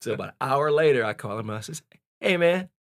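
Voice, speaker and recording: A man in his forties, a podcast guest telling a personal story in a candid, animated way. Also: mid-range voice, fast talker, no echo, studio quality. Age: 40s. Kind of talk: casual storytelling.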